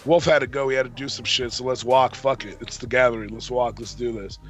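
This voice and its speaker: A man's voice: medium pitch, fairly even intonation, fairly quick, faint music behind. A man casually telling a long, profane story on a podcast, acting out the arguments he quotes. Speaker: podcast co-host.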